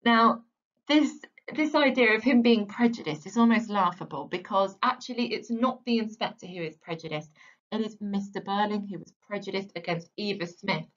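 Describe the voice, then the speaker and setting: A woman teacher giving a literature lesson in a steady, explanatory way, stressing key words. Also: mid-range voice, normal speed, lo-fi sound.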